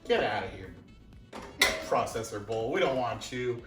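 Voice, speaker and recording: A man's voice: mid-range voice, lively intonation, a little slow, heavy background noise. A man hosting a casual cooking show at home, cracking jokes and laughing often as he works. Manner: jokey, laughs often, self-mocking asides. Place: home kitchen. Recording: roomy kitchen echo, mic far off.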